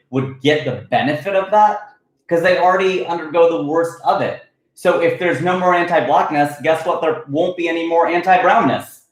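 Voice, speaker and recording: A man's voice: on the high side, very echoey, poor audio. A man from Ohio hosting a comedy livestream, arguing animatedly and answering chat comments. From United States, Ohio. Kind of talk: casual livestream rant.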